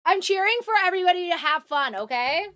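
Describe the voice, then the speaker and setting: Bright, high-voiced woman streamer. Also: animated, fast talker. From Canada. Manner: chatty, full of fillers and restarts, giggly. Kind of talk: casual live-stream chat with viewers.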